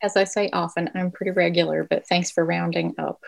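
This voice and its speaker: A woman's voice: on the low side, little pitch movement, fairly quick, creaky, low-quality recording. A woman in her forties, an author speaking as a podcast guest, thoughtful and self-deprecating. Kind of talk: podcast interview.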